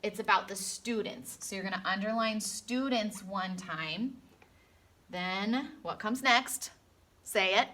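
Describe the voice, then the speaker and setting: A woman teaching young children phonics and grammar, speaking at a very slow, deliberate pace. Her tone is bright and clear, with a sing-song lilt and stretched-out sounds. She keeps it lively with gasps and small jokes along the way. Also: mid-range voice. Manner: animated, with gasps and playful asides. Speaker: elementary school teacher.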